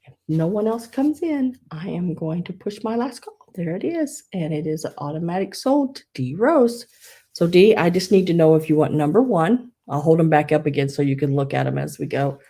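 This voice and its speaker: Low-voiced woman hosting a live sale. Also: expressive, normal speed, dark tone, slightly rough. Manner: rambling, many fillers and restarts. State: wheezing. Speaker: live online sale host. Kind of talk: casual live sales chat.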